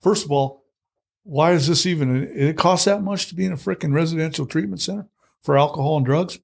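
A man's voice: on the high side, brisk, creaky, darkish tone. A middle-aged man telling his own story in conversation, blunt and plainspoken, full of fillers and restarts. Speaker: guest.

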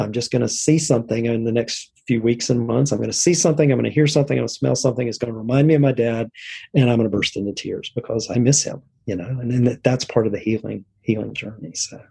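A man's voice: medium pitch, gravelly, husky. A middle-aged man, a therapist, speaking reflectively in a conversational interview, often checking in with "right?". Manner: reflective, warm-hearted, frequent "right?" and restarts.

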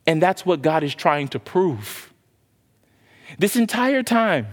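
A man preaches in a fairly high voice, moving between casual talk and animated questions to his listeners. His voice rings out in the long reverb of a large hall. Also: slow, long pauses. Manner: conversational preaching, animated, asks repeated questions. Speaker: pastor. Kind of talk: sermon.

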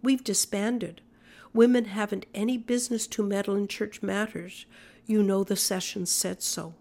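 A woman reading the lines of a young woman whispering back with quiet defiance. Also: medium pitch, fairly even intonation, normal speed, creaky, close to an everyday voice. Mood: defiant. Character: defiant young woman, church flower-band president.

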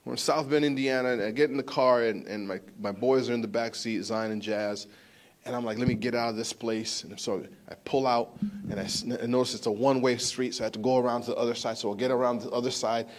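A man's voice: medium pitch, quick pace. A man in his thirties preaching a sermon, telling a story with rising intensity and asking the congregation rhetorical questions. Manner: animated storytelling, rising to emphatic outbursts, rhetorical questions to the crowd. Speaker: pastor.

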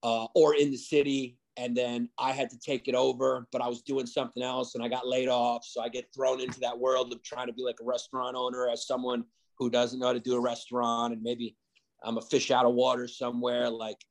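A man's voice: mid-range voice, monotone, brisk, creaky. A man who is a comedian guest, talking in a rambling, casual way with lots of fillers and restarts. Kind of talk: casual podcast chat.

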